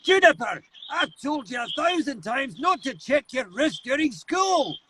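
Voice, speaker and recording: A man's voice: very high voice, very animated, measured pace, background noise, pitched above the performer's own voice, heavily acted. A man voicing a curmudgeonly older man, scolding a girl. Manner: gruff, scolding.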